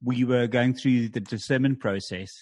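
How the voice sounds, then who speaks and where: A man, a church planter, telling anecdotes in a lively interview with fillers like "um" and "like". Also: mid-range voice, moderate pace, no room sound. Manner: animated anecdotes with filler words. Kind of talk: conversational storytelling.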